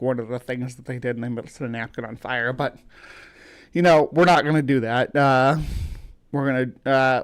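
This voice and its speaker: A man's voice: mid-range voice, smooth. A man from the US hosting a casual livestream, greeting viewers by name and rambling with many fillers and restarts. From United States. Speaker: livestream host.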